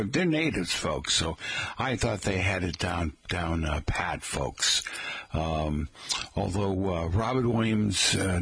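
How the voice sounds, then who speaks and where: A man's voice: lowish voice, a bit bright, husky, no echo. A middle-aged man hosting a radio talk show, chatting in a folksy, rambling way and often addressing listeners as folks. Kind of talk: casual radio chat.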